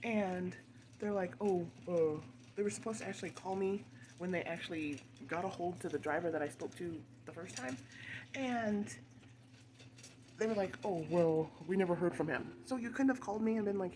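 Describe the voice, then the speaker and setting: A woman vlogger telling a long, rambling story in a casual, chatty way, with quick asides and laughter. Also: lowish voice, noisy background.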